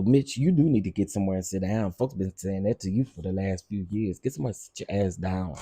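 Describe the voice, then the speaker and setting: Sassy low-voiced gossip show host. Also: male voice, fairly quick, warm tone, husky, no room sound. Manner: sassy, gossipy, laughs often, repeats lines for effect. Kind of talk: casual commentary livestream.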